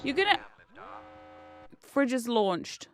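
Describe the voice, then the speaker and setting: A woman's voice: fairly high pitch, big pitch swings, takes it slowly. A woman streamer chatting casually while gaming, swearing freely and laughing often at a desk microphone.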